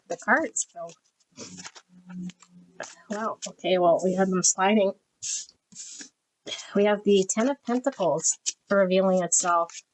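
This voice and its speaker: Slow-talking gushing woman tarot reader. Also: mid-range voice, a little hiss or hum, poor audio. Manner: gushing, unhurried, emotional. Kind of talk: casual deck flip-through and reading.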